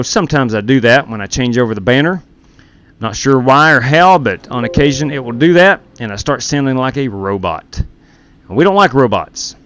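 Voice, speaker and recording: A man's voice: fairly high pitch, fairly bright tone, clean tone, dry recording. A man hosting a sim racing live stream through a gaming headset, chatting casually with viewers while running the race lobby.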